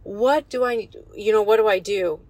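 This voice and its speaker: A woman's voice: mid-range voice, moderate pace, darkish tone, no room sound. Woman, devotional Bible teaching, earnest, encouraging, dry close sound. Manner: earnest and encouraging, quotes scripture with emphasis. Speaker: Bible teacher and business coach.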